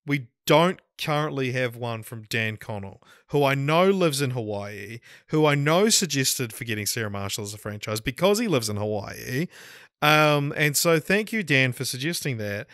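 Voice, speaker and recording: A man hosting a podcast, slightly hoarse, talking casually in a rambling, hesitant, self-deprecating way. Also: medium pitch, animated, moderate pace, fairly bright tone, dry recording, studio quality. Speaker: podcast host. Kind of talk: casual chat.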